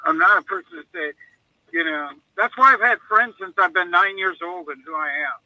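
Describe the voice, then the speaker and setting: A man's voice: sits high, big pitch swings, a little fast, creaky, pushed and bright, dry recording, poor audio. A man on a radio chat, telling long rambling stories and acting out what people said to him. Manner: rambling storyteller who acts out quoted dialogue. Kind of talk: casual call-in chat.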